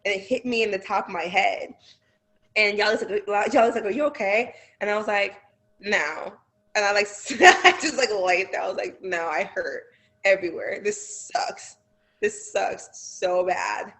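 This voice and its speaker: A young adult woman, a guest wrestler, telling animated stories in a casual podcast chat with many fillers. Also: mid-range voice, moderate pace. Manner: animated storytelling, lots of fillers.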